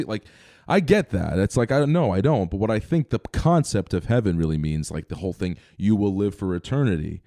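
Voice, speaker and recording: A young man co-hosting a podcast, telling stories in a rambling, animated way with lots of fillers. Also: sits low, brisk, dry recording, studio quality. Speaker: podcast co-host. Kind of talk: casual chat.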